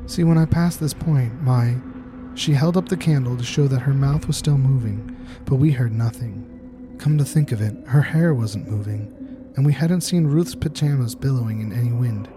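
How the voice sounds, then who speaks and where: Man narrating a horror story over music. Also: mid-range voice. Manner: measured, tense storytelling.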